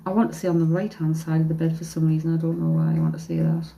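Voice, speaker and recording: A woman working as a psychic medium on a live stream, tearful and emotional, talking in halting phrases broken by sighs. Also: low voice, sing-song, mellow, a little hiss or hum, low-quality recording. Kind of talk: live-stream spirit reading. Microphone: phone or webcam on a live stream.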